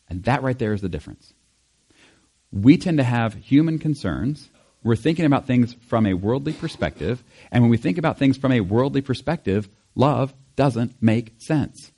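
A male pastor giving a conversational sermon, animated and chatty, acting out quotes with small laughs. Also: medium pitch, moderate pace, husky.

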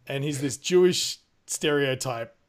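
A man's voice: medium pitch, measured pace. A man in casual podcast chat, rambling with lots of fillers, laughing and swearing as he talks. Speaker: podcast co-host.

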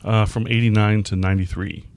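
A man's voice: fairly low pitch, steady tone, brisk, vocal fry, a little mellow, dry recording. A man in his forties, a podcast guest chatting casually with dry jokes. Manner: dry, joking. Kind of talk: casual chat.

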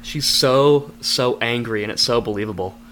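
A man's voice: medium pitch, normal speed, fairly bright tone, slight background noise. A man giving emphatic, enthusiastic opinions about a film in a casual chat.

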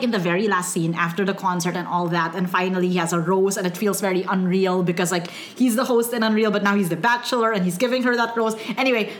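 A woman co-hosting a podcast in casual chat, gushing and swearing freely while acting out quotes. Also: medium pitch. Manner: gushing, profane, acts out quotes. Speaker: podcast co-host.

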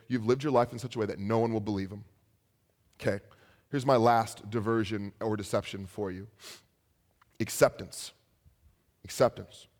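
A young adult man preaching a sermon as a pastor, telling stories with animated asides. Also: medium pitch.

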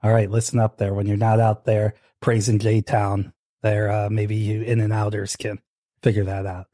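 Male podcast host, husky and dry, joking banter. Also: fairly low pitch, little pitch movement, normal speed, mellow, no echo. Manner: joking, laughs often. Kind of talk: casual chat.

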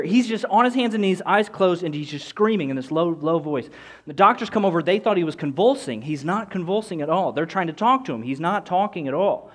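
A man's voice: high voice, fairly quick. A young man telling a personal story with candid, rambling earnestness, full of restarts and fillers. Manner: earnest, rising excitement in quoted moments.

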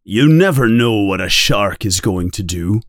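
A weathered shark hunter gives short, blunt answers with no fuss, voiced by a man reading the story. He speaks slowly and evenly, as if nothing could surprise him. The recording is close and dry. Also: lowish voice, dry recording. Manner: flat, terse, matter-of-fact. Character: gruff veteran male shark hunter, calm and blunt.

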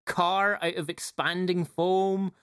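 A man's voice: high-pitched, little pitch movement, slow, a bit bright, smooth. A man from the Isle of Lewis co-hosts a casual podcast chat. He talks in a laid-back way, laughs often and lets sentences trail off. The sound is dry and close, with no room echo. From Isle of Lewis, Scotland. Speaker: podcast co-host, teacher.

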